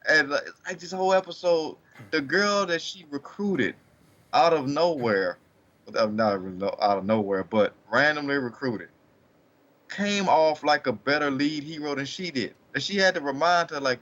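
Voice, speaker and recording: A man's voice: fairly high pitch, expressive, normal speed, a bit bright. Rambling podcast man, muffled sound. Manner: talks in long, rambling run-on points with many fillers. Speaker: podcast co-host. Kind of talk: casual chat.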